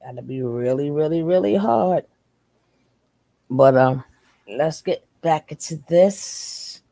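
A woman's voice: low voice, slow pace, mellow, no echo. A woman co-hosting a casual reaction chat, talking things over with lots of questions. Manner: chatty, questioning. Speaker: co-host.

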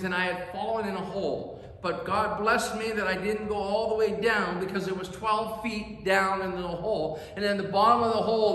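High-voiced pastor preaching in echoing church. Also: male voice, a bit bright, slight background noise. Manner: earnest, emphatic storytelling with sound words. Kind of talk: sermon storytelling. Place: church sanctuary. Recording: echoey church hall reverb.

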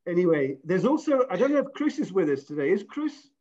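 A man's voice: high voice, sing-song, fast talker, warm tone, slight background noise. Chatty Englishman hosting a webinar. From England. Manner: chatty, self-deprecating, restarts often. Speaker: webinar host. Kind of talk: online webinar presentation. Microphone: video call. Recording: muffled lo-fi video call audio.

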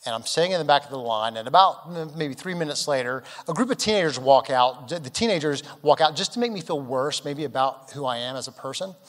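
A man's voice: a little high, fast, few pauses, in a large hall. Man pastor telling a funny story. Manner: humorous, animated storytelling with acted quotes. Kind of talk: storytelling sermon. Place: large church auditorium.

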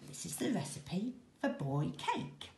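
A woman teacher reading a children's story aloud in a slow, expressive, rhythmic way. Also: mid-range voice, creaky, slight background noise. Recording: echoey room.

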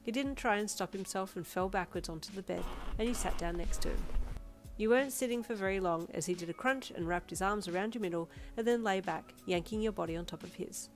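A woman reading her fanfiction aloud as a steady storybook narration. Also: mid-range voice, fairly quick. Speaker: fanfiction reader. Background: background music.

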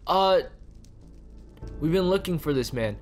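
Male cop figure, matter-of-fact, reassuring, animated pitch, faint music, as a man puts him on. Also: a little slow. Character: grown male police officer reading reports.

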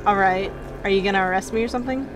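A woman reading out a defiant young woman character from a game, with quick, sarcastic comebacks over music. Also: mid-range voice, natural voice.

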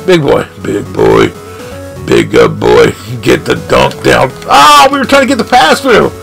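Man, gaming commentary, excitable, gravelly, shouts a lot, lively swings in pitch. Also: measured pace, soft background music. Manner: excitable, shouts at the game, lots of exclamations. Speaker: gaming channel host. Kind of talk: live gameplay commentary.

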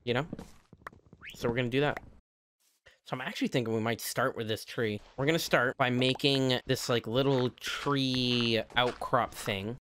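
A man's voice: mid-range voice, normal speed, a bit bright, slight background noise. A young man giving casual, profane gameplay commentary while building, rambling along and breaking into sudden squealing outbursts. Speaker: gaming video creator.

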